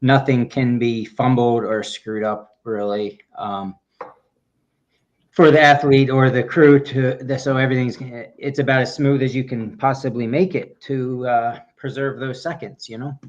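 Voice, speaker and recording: Male co-host, mid pitch, enthusiastic rambling chat, dull lo-fi sound. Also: fairly even intonation, measured pace. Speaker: podcast co-host. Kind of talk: casual chat. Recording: dull lo-fi audio.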